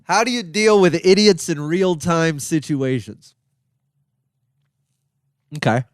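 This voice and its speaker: A man with a smooth, resonant voice at a middle pitch talks in a loose, joking way, drifting from point to point as a comedian hosting his show. The sound is dry and close, with no room echo. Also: animated, takes it slowly. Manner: rambling, joking, self-deprecating. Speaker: comedian and podcast host. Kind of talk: casual solo podcast monologue.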